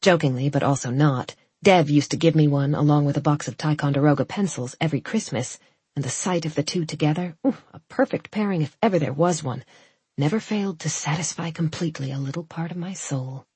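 A woman narrates a first-person audiobook in a measured, reflective way. Her voice sits low and carries a breathy, husky grain. The sound is close and dry, with no room in it. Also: a little mellow, dry recording.

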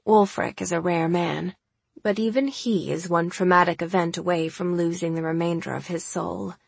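A woman's voice: lowish voice, normal speed, vocal fry, slightly rough, no echo. A woman reading as a grave old grandmother. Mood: grave, soft. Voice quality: soft-spoken.

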